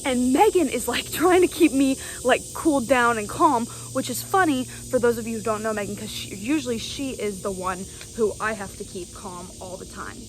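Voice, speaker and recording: A young woman with a slightly high voice tells a story straight to camera. She talks casually and stays animated, often tossing in "right?". There is a faint hiss in the background. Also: moderate pace, few pauses, rough recording. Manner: animated, keeps asking "right?". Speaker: vlogger.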